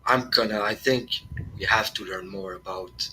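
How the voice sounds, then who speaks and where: A man playing Hector, a calm, curious note-taker. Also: lowish voice, slight background noise, rough recording. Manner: measured, hesitant persuasion.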